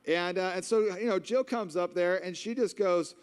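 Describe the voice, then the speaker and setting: A man in his thirties preaches at a conference, spinning a funny, self-deprecating story. His voice sits a little high and rings smooth and resonant. The sound carries the long reverb of a large church hall. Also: normal speed, hardly any pauses. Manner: humorous, self-mocking storyteller. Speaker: conference speaker. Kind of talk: storytelling sermon.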